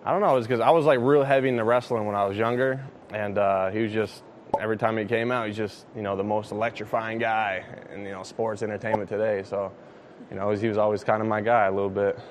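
Low-voiced hesitant male athlete. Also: fairly even intonation, quick pace, a little hiss or hum. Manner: hesitant, full of fillers. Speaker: football player. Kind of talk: casual interview answer.

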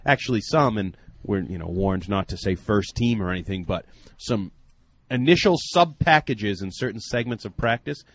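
A man's voice: lowish voice, expressive, normal speed. A man co-hosting a casual sports radio show, teasing the others and giving football analysis. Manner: joking, teasing banter.

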